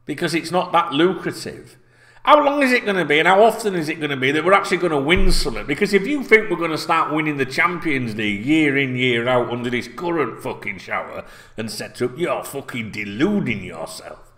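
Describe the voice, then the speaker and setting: Sweary ranting Yorkshireman, animated pitch. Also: brisk. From North Yorkshire, England. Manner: sweary, repetitive, heated ranting. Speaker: football fan channel host. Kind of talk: ranting football fan vlog. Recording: echoey room.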